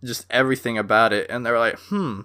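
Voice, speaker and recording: A young man hosting a solo podcast, ranting in a heated, animated way with lots of fillers. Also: mid-range voice, fast, smooth. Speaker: podcast host.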